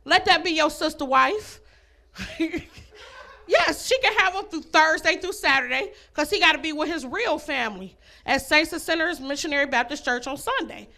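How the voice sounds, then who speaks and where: Brash high-voiced woman doing stand-up. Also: expressive, normal speed, sharp tone. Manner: brash, laughs at own jokes. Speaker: stand-up comedian. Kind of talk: stand-up comedy set. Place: comedy club stage.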